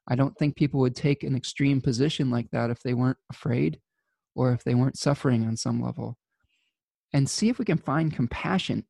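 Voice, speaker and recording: A man hosting an astrology talk, speaking earnestly and haltingly with many fillers and restarts. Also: medium pitch, creaky, mellow, husky, dry recording. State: choked up with emotion. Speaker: astrology host. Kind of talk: casual spoken monologue.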